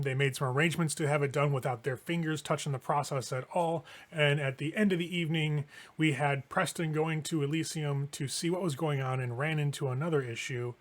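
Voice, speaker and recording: A man narrating as game master of a tabletop role-playing game, relaxed and loose with fillers. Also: a little high. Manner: relaxed storyteller with many fillers.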